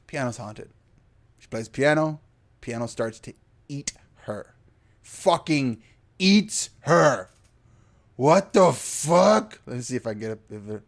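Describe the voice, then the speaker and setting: A man's voice: mid-range voice, animated, a little slow, long pauses. A man hosting a podcast, casually recapping a film with profane, incredulous exclamations. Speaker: podcast host.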